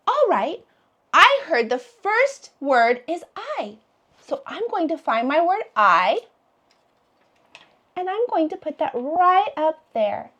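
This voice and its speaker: A woman teaching a phonics lesson to preschoolers, sounding out letters slowly in a sing-song way. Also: high voice, very animated, pushed and bright. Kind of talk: phonics lesson for young children.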